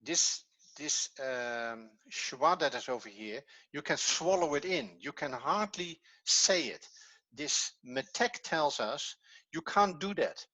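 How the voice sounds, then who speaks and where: A man explaining a Hebrew grammar point slowly and carefully, as if over a video call. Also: fairly high pitch, lively intonation, sharp tone, dry recording, low-quality recording. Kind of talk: online language lesson.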